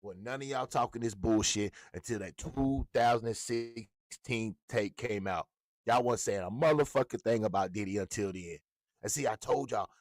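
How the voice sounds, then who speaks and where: A man's voice: mid-range voice, dry recording, clean studio sound. A man ranting as a hip hop blogger, heated and profane, repeating himself for emphasis. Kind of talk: ranting commentary.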